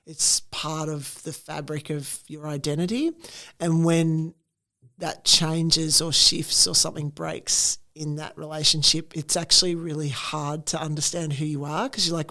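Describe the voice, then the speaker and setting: A woman in her forties with an Australian accent, telling stories in a casual interview, animated and full of acted-out quotes. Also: low-pitched, unhurried. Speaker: interview guest, entrepreneur.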